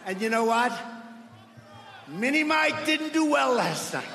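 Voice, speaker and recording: A man giving a rally speech in a large indoor arena, mocking and shouting to the crowd. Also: very high voice, very animated, unhurried, gravelly, noisy background. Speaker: politician at a rally. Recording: echoey arena with long reverb.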